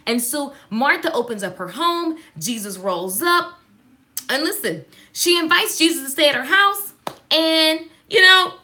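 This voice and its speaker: A woman giving a casual devotional talk, sassy and animated, calling out to listeners. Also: sits high, unhurried. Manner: sassy, animated, call-and-response.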